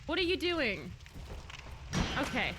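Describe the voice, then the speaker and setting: A woman streaming a game live, chatting casually, reading chat aloud and breaking into excited outbursts. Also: high voice, slow pace, heavy background noise.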